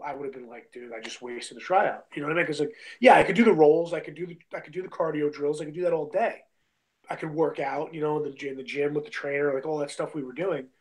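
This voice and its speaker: A man's voice: a little high, rough recording. A young man telling a story in a loose, chatty way, peppering it with "like", "bro" and "you know what I mean". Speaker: guest, independent wrestler. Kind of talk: casual storytelling.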